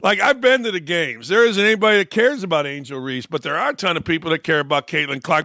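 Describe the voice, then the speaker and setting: Blunt, sarcastic sports talk host, high bright voice. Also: male voice, quick pace, few pauses, no room sound, clean studio sound. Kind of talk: opinionated sports talk commentary.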